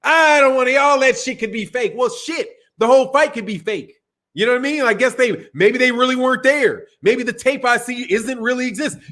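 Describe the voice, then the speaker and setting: High-pitched profane boxing streamer. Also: male voice, brisk, bright, forceful tone. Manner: loose, profane, laughing, reads super chats. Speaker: boxing channel host. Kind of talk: casual livestream talk.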